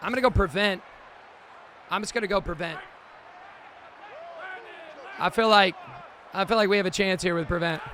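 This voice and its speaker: High-voiced excitable man calling his game. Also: normal speed, pauses often, a little hiss or hum. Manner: excitable, shouts and exclaims at big plays. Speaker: gaming streamer. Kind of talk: excited gameplay commentary.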